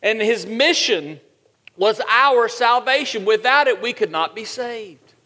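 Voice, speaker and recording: A man's voice: high-pitched, lively intonation, unhurried, pushed and bright, in a large hall. A man preaching a sermon as pastor, asking rhetorical questions and repeating points for emphasis.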